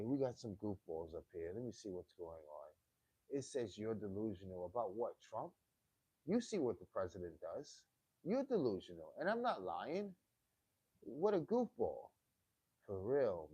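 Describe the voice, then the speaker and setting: A man talking to his live chat, emphatic and repetitive, punching each point home and firing back at commenters in loose slang. His voice sits at an ordinary middle pitch and sounds close and dry, with no room around it. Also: darkish tone, breathy edge, no echo. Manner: emphatic and repetitive, drives points with repeated phrases; combative banter with commenters, slangy. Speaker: streamer reading live chat. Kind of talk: impassioned political rant to a live chat.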